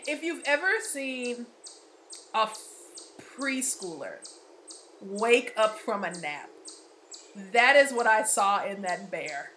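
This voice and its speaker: A woman co-hosting a podcast, telling zoo stories in an animated, laughing way. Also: a little high, slow, long pauses, a little hiss or hum. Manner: animated storyteller, laughing often. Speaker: podcast co-host. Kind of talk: casual chat.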